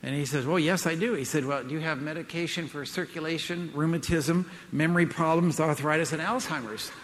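A man's voice: fairly high pitch, a little fast. An older man giving a seminar talk, telling jokes in a folksy, chuckling way with lots of fillers. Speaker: speaker at a Christian event. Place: large hall with audience. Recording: hall with long reverb.

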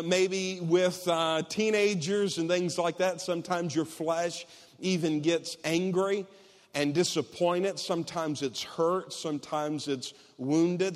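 A man in his thirties preaching a sermon, earnest and personal, rising to excited shouts as he tells stories. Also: a little high. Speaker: pastor. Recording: long hall reverb.

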